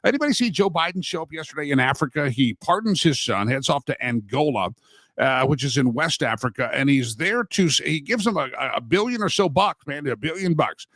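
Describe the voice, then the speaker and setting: A man's voice: fairly high pitch, animated, brisk, fairly bright tone, dry recording. A man hosting a daily talk show, rambling and opinionated, with many restarts.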